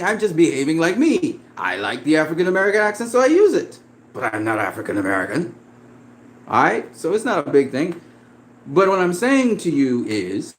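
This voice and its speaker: A man's voice: sits high, a bit bright. A man in a profane, confrontational casual rant about boxing, laughing often as he talks back at a critic. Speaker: boxing commentator.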